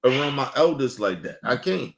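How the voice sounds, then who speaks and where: With noticeable vocal fry, a man in his thirties hosts a streamed podcast from his home studio, telling stories in loose, profane, animated casual chat and acting out the quotes. He has a medium pitch and a moderate pace.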